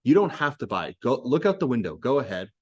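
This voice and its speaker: A confident, teasing local woman who tells a strange story as if it were plain fact, read aloud by a man. Her delivery is even and unbothered. It is a plain reading of a play script. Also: mid-range voice, fast, dull audio. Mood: matter-of-fact. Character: confident local woman telling a wild tale.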